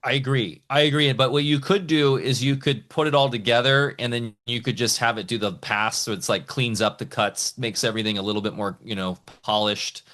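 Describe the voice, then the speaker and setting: Excited, rambling male podcast guest. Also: mid-range voice, brisk, few pauses. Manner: excited, rambling, talks in bursts with many restarts. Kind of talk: casual podcast conversation.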